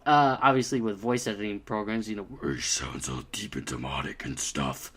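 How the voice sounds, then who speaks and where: A man's voice: on the low side, moderate pace, a bit bright, slightly rough. A man giving a casual spoken review, hesitant, with frequent ums and restarts. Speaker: video reviewer.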